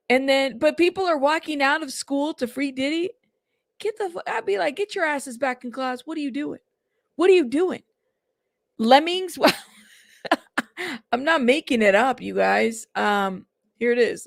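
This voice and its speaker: A woman's voice: high voice, gravelly, no echo, studio quality. A woman hosting a casual reaction commentary stream, chatty and exasperated, often laughing. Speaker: commentary channel host.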